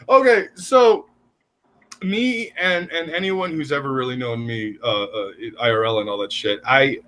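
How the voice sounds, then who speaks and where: A man co-hosting a stream, telling crude stories in an animated rant. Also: medium pitch, slight background noise. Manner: crude, animated, laughs mid-story. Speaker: stream co-host. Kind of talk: casual storytelling rant.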